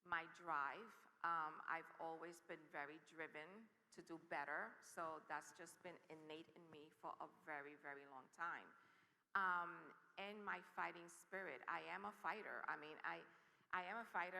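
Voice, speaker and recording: A woman from the Bronx telling a personal story on a conference stage, lively and laughing, acting out what others said. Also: low voice, gravelly. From the Bronx, New York. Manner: lively, laughing, acts out quotes. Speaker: panel speaker. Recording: reverberant hall.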